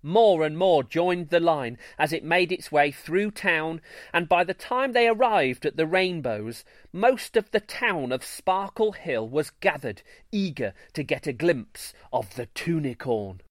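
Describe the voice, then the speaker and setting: Slow, lively-voiced male storyteller. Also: a little high, dry recording, studio quality. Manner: expressive, playful storyteller. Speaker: storyteller host. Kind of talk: scripted children's story narration.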